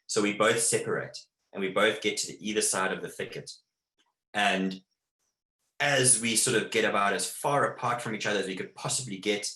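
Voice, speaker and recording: Man presenting a webinar, low-set forceful voice, echoey room over a call mic. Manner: vivid anecdotal storytelling, many fillers and restarts. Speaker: wildlife photographer giving a webinar talk. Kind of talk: storytelling presentation.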